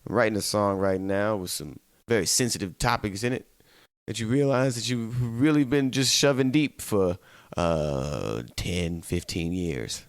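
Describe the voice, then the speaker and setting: A tired man hosting a solo podcast, chatting casually, laughing often and slipping into quick quoted voices. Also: fairly low pitch, clean tone, dry recording. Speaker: podcast host.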